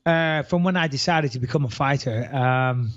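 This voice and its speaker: A man's voice: medium pitch, normal speed, no echo, lo-fi sound. A man, a retired fighter co-hosting a casual podcast and rambling with lots of restarts. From England. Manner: rambling, frequent restarts and fillers.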